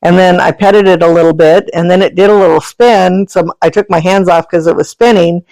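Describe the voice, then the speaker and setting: A woman's voice: on the low side, steady tone, fairly quick, darkish tone, no room sound, low-quality recording. A woman telling animal stories as a podcast guest, chatty and rambling, laughing often. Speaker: guest, animal sanctuary founder and energy healer. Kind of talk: casual storytelling conversation.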